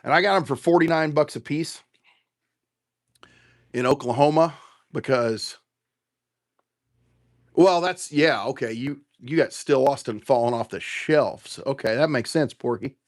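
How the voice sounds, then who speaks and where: A man's voice: mid-range voice, measured pace, pauses often. A man hosting a casual livestream, rambling and swearing as he tastes whiskey and answers viewers. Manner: profane, rambling, animated. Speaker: bourbon livestream host. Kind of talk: casual livestream chat, tasting and reading comments.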